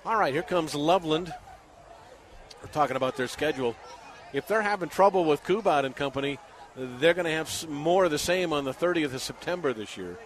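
A middle-aged man calling a high school football game live for radio from a packed outdoor stadium, building to shouts on big plays. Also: expressive, a little fast. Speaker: radio play-by-play announcer. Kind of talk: live sports play-by-play commentary.

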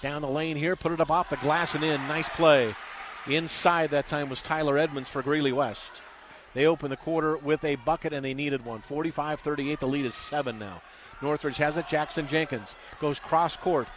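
A man doing fast radio play-by-play for a high school basketball game, getting loud and excited on big shots. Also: a little hiss or hum. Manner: rapid, excitable, rises loudly on big shots.

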